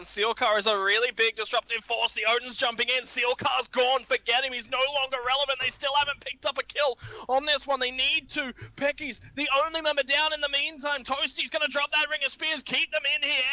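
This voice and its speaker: A man casting an esports match, talking fast and animated about team fights and shouting at big plays. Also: very high voice, dry recording, poor audio. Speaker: esports caster. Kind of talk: excited esports commentary.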